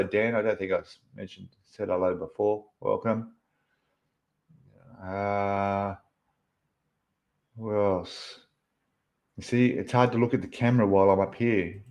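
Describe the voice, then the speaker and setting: Low-voiced man chatting on a livestream. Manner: reads out chat names and greets viewers, chatty and friendly; frequent ums and mid-word restarts. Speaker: livestream host. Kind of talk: casual livestream chat.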